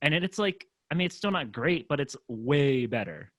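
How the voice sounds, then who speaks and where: A man's voice: mid-range voice, moderate pace, background noise. A young man co-hosting a casual chat, mocking rap tracks with lots of swearing. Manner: profane, mocking, animated. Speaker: co-host. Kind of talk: casual chat reacting to music.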